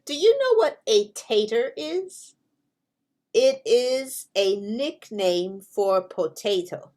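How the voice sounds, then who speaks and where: A woman's voice: medium pitch, sing-song, darkish tone. A woman teaching English pronunciation to learners, speaking patiently and spelling out each example word with care. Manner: drawn-out, carefully spaced delivery with examples.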